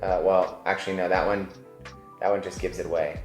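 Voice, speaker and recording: A vlog host with a low-pitched, level voice chats casually at a fairly quick pace, in a playful, jokey way. He's recorded in an echoey room with faint music.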